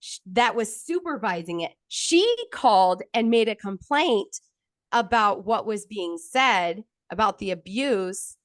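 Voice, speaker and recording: Speaking at a medium pitch and an unhurried pace, a thirtysomething woman shares her personal story candidly. She's blunt and swears, growing animated as she repeats what others said, with no room sound in the recording.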